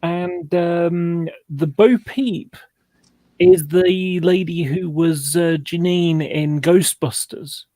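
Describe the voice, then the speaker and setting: A man's voice: fairly high pitch, fairly even intonation, slow, dark tone, dry recording. A man telling a rambling story in casual chat, correcting himself as he goes.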